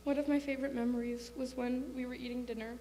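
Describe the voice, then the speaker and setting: High-voiced woman, bit of fry, earnest eulogy, echoey hall. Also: level tone, fast talker, mellow. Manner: earnest and plainly worded. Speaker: soul sister giving a eulogy. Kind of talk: memorial speech. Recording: echoey hall with faint hum.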